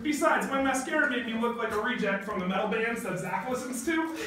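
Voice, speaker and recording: A man's voice: very high voice, brisk, sharp tone. A man playing a bubbly, ditzy teenage girl who gushes in valley-girl chatter full of "like". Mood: flustered. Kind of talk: comedy skit acting. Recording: echoey room, far from mic, faint noise.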